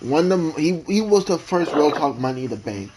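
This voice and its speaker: Halting, emotional man on a podcast. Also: on the high side, sing-song, noisy background. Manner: rambling, emotional, halting restarts. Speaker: podcast co-host. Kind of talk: casual podcast chat.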